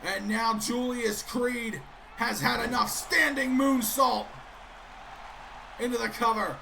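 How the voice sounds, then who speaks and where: Calling a wrestling video game with excited play-by-play, this man keeps cutting himself off abruptly. He has a very high voice with vocal fry and speaks slowly, against background noise.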